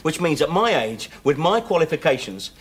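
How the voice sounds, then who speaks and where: A man's voice: a little high, big pitch swings, moderate pace. An actor playing a wisecracking ex-convict father, teasing and sardonic, on old TV sitcom audio. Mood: fatherly. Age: 40s. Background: studio audience laughter.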